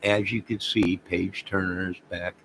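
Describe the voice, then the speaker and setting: A man's voice: low voice, flat delivery, measured pace, fairly bright tone, a little hiss or hum, low-quality recording. A man hosting a casual livestream, rambling and talking straight to his viewers. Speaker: livestream host.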